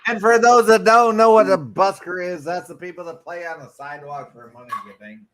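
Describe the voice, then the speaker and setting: A man's voice: sits high, fairly even intonation, a little fast, a bit bright. An American man, a guest in a casual chat, bantering, teasing and swearing freely. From United States. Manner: banters and teases, swears freely, says "absolutely" often.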